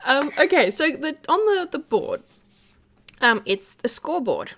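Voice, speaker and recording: A woman running a tabletop game as game master, chatty and quick to giggle. Her fairly high voice bounces through a lively melody, full of filler sounds.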